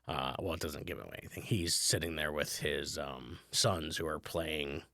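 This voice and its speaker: A man's voice: rumbling low, moderate pace, creaky, pushed and bright, no room sound, studio quality. A man hosting his own podcast, chatting in a rambling, casual way with lots of fillers. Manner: rambling, conversational, many fillers. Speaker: podcast host, comedian. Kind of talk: casual solo podcast talk.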